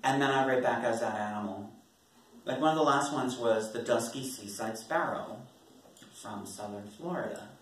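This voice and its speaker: A man's voice: mid-range voice, normal speed, fairly bright tone, slight background noise. A man, a poet, casually telling an audience about his writing in a rambling, wry way, laughing often. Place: performance venue. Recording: echoey room from far off.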